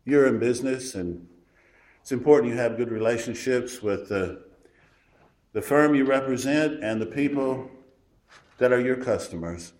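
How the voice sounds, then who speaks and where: A man preaching a sermon in a folksy, emphatic way, swinging from loud declarations to hushed asides. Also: mid-range voice, moderate pace, long pauses. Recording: roomy echo.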